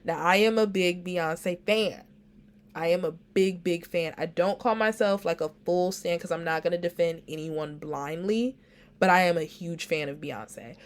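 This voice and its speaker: A woman's voice: on the low side, a little slow. A woman hosting a casual pop-culture commentary show, talking in a chatty, gossipy way full of "like" and "you know" and laughing at her own asides. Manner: laughs often, animated asides. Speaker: podcast host.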